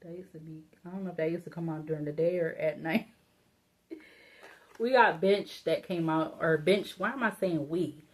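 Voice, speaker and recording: A woman's voice: deep voice, moderate pace. A woman giving a casual solo tarot reading, thinking aloud, rambling and laughing to herself, blunt and informal. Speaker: tarot reader.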